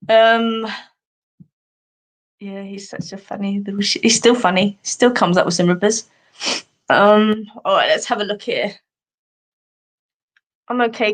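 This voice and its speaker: A middle-aged Australian woman hosting a live stream, chatting casually and rambling through funny stories with frequent laughter. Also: mid-range voice. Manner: chatty, rambling storyteller who laughs often.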